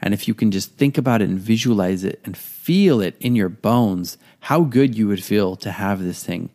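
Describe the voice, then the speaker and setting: A man's voice: lowish voice, animated, normal speed, warm tone. A man hosting a podcast, talking earnestly in a casual monologue and sometimes acting out inner voices. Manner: earnest, conversational, acts out quoted inner voices. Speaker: podcast host, artist.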